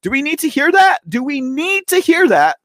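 Brief: forties male host, sarcastic off-the-cuff commentary, high lively voice, dry close sound. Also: normal speed, no echo. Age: 40s. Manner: animated, sarcastic, laughing asides and rhetorical questions. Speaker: host of a political commentary show.

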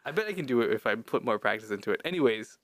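A man's voice: mid-range voice, expressive, rapid-fire, a bit bright, dry recording. Chatty male podcast co-host, loose and jokey, dry and close. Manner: rambling, joking, many fillers. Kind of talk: casual chat.

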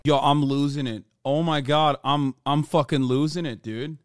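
A man streaming political commentary, reacting to news clips with profane, sarcastic remarks and sudden loud outbursts. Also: fairly high pitch, steady tone, moderate pace, no room sound, studio quality.

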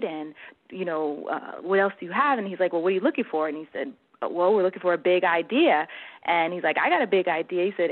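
Woman guest on a tinny phone line. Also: lowish voice. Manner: steady, detailed storytelling. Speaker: guest, film producer. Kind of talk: casual interview chat.

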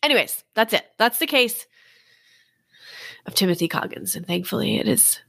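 A woman's voice: mid-range voice, normal speed, creaky, slightly rough, dry recording. A young woman co-hosting a casual true-crime podcast, mostly giving short agreeing replies. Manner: brief agreeing replies, relaxed. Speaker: podcast co-host.

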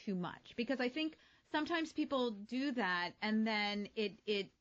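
A chatty woman from New Jersey co-hosts a casual talk show and laughs easily. Her voice sits a little high. The recording is dull and lo-fi. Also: measured pace. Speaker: co-host. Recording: muffled lo-fi audio.

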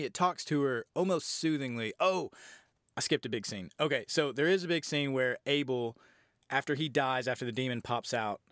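A man's voice: mid-range voice, fairly bright tone, no room sound, studio quality. A man casually recapping and reviewing a horror film on his podcast, rambling and swearing freely. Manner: rambling, profane, conversational.

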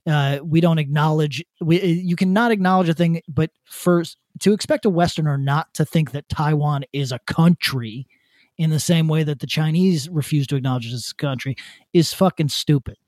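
A man co-hosting a podcast, ranting bluntly with swearing and halting restarts. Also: a little high, a little mellow, no room sound, clean studio sound. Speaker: podcast co-host. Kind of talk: casual opinion rant.

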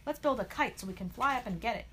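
A woman's voice: a little high, lively intonation, fast, sharp tone, slight background noise, voice pushed up. A woman reading aloud, voicing a brave, cheerful male monster truck hero in a storybook. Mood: eager. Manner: upbeat, eager storybook voice.

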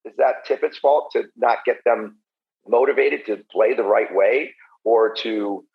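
A man with a gravelly, fry-edged voice chats as a podcast guest, blunt and profane, working himself up as he talks. The audio is muffled and lo-fi. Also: medium pitch, a little slow. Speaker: podcast guest, former pro hockey player. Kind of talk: casual podcast chat.

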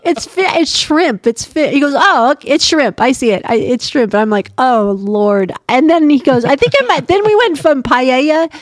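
A woman in her fifties with a high-pitched voice co-hosts a casual chat podcast, telling family stories animatedly and laughing often. She speaks at a moderate pace with few pauses, and the recording is dry.

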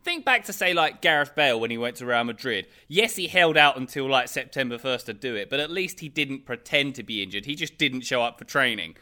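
A man's voice: mid-range voice, animated, a little fast, few pauses, sharp tone. A man co-hosting a casual football podcast, joking and laughing as he talks. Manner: joking, mock impressions, laughs often. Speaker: podcast co-host.

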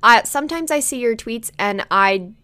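A woman's voice: on the high side, animated, normal speed, sharp tone, dry recording. A woman co-hosting a casual chat, telling stories and acting out what others said. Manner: chatty storyteller, imitates people in quotes.

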